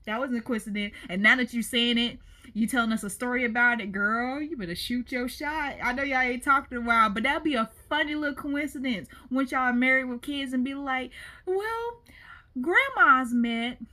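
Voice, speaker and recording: A woman in casual reaction commentary, chatty and expressive. Her voice sits a little high and swings lively through its range, with a bright, sharp edge. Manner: chatty, expressive, laughs often. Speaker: reaction video host.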